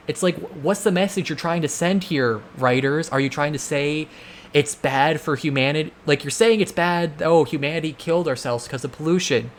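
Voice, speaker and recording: Over slight background noise, a man hosting a game playthrough talks in a fairly high voice at a brisk pace. His casual commentary rambles with plenty of filler words and breaks into exasperated rants.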